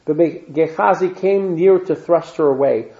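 This Torah teacher's voice is a little high and dark-toned, with vocal fry, and he moves at a moderate pace. He reads verses, then interrupts himself with simple asides and Hebrew words, all captured on a dull, lo-fi recording.

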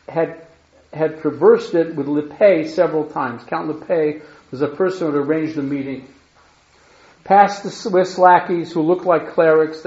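A man's fairly high voice gives a history lecture, reading long diary quotations aloud with frequent restarts and self-corrections. The sound is lo-fi and muffled, and the room around him is echoey. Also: darkish tone.

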